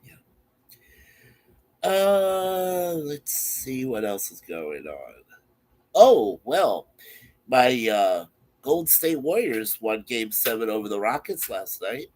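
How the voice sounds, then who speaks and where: A man's voice: medium pitch, sing-song, takes it slowly, long pauses, a little mellow. Sick man chatting casually on webcam. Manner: easygoing, rambling, chatty. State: sick, coughing. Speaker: streamer.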